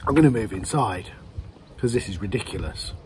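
Chatty homebrewer tasting beer. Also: male voice, fairly low pitch, animated, brisk, background noise. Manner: chatty and rambling, with self-corrections. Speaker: homebrewer reviewing beers. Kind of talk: casual beer-tasting vlog.

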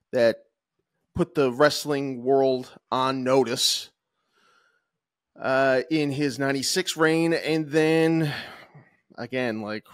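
Guy co-hosting a podcast, middle pitch, dry close mic, rambles with lots of ums and restarts. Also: fairly bright tone, no room sound. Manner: rambling, many fillers and restarts. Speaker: podcast co-host. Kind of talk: casual chat.

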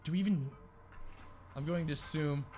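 A young man giving casual let's-play commentary on a horror game, swearing often, muttering to himself and bursting into yells. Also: on the high side, moderate pace, music in the background. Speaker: gaming video host.

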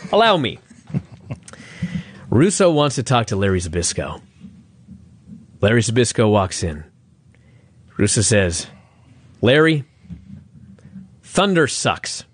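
A man's voice: fairly low pitch, big pitch swings, slow pace, long pauses, a little hiss or hum. A male podcast co-host in casual chat, ranting in an exasperated, profane way.

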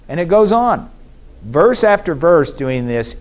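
A man giving a measured, explanatory academic lecture at a conference, pausing now and then with fillers and restarts. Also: on the high side, expressive. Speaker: scholar giving a conference presentation. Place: conference hall.

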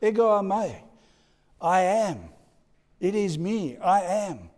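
Slow, lively preacher. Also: male voice, sits high. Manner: emphatic preaching, swinging from hushed to loud. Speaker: pastor. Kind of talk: sermon. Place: church hall. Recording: echoey church hall.

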